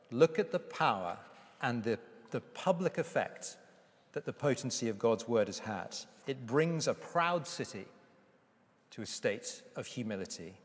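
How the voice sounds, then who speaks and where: A man preaching a sermon with emphasis, slowing down to read scripture aloud. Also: mid-range voice. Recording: reverberant hall.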